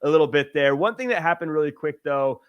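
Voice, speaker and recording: A man hosting a casual movie chat, lively and joking, who slips into quick mock voices. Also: fairly high pitch, lo-fi sound. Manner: lively, mimics people in funny voices. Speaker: podcast host.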